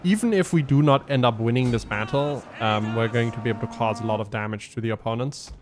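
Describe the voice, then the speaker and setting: A man's voice: mid-range voice, fast, slight background noise. A man giving casual gameplay commentary as a let's play host, thinking aloud and explaining his tactics with frequent ums.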